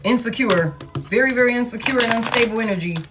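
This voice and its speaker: A woman's voice: a little high, fast, loud music behind the voice. A woman giving a casual tarot reading, talking bluntly with lots of swearing and frequent laughter. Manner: blunt, profane, animated, laughs often. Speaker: tarot reader.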